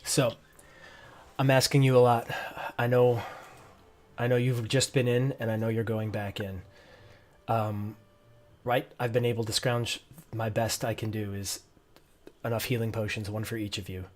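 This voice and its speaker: A man's voice: fairly low pitch, steady tone, moderate pace. A man narrating as game master for a tabletop game, hesitant with restarts. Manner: hesitant, many restarts and ums.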